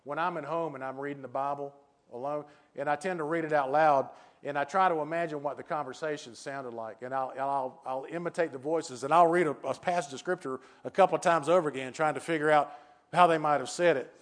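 A man's voice: on the high side, brisk. An older man preaching a sermon with earnest, repetitive phrasing and many rhetorical questions.

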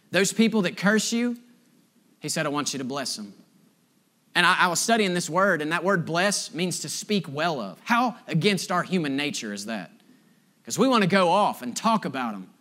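A middle-aged man preaching a sermon, telling stories and dropping to a hushed, slow delivery for key points. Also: high voice. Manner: storytelling, swings from emphatic to hushed and slow. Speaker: pastor.

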